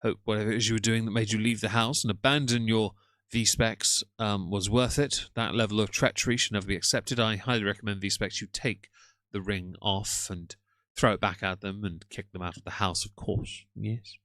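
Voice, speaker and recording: A man's voice: fairly low pitch, steady tone, normal speed, a bit bright, no echo. A man streaming live, commenting on another streamer's content in a sarcastic, lecturing tone, and tired.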